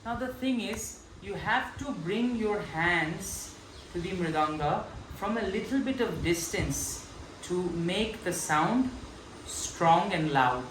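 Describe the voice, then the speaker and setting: A man gives a slow, patient drum lesson and chants each stroke's syllable as he demonstrates. His talk is unhurried and plainly instructive. The recording is echoey and carries clear background noise. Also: sits high, expressive, fairly bright tone. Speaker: mridanga teacher. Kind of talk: slow step-by-step music lesson.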